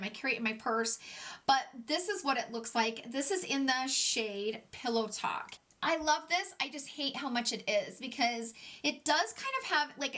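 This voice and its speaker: A woman beauty vlogger chatting excitedly through a casual product review, gushing and chatty. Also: high voice.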